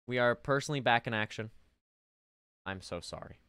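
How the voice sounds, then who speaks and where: A young man streaming a game live, ranting at his chat in melodramatic mock outrage, then dropping to quiet muttering. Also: mid-range voice, moderate pace, smooth, dry recording, studio quality. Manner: melodramatic mock outrage, swinging between loud rants and muttering.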